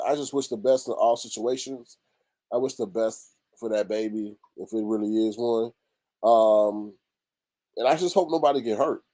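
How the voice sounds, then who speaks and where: A man hosting a casual commentary show, talking in a loose, animated, slangy way. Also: medium pitch.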